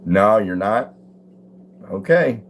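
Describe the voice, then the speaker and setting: Laid-back older guy on a home livestream, lowish voice, faint room hum behind. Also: animated, slow. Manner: easygoing, greets viewers by name, chuckles. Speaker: livestream host. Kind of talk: casual live chat reading comments. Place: at home, indoors.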